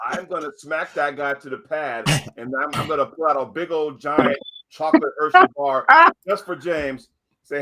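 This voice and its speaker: A man's voice: on the high side, lively intonation, normal speed, bright, forceful tone. An American man boasting on a talk show, swaggering and repetitive, acting out little scenes of what he will do. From United States. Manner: swaggering, repetitive, acts out quotes.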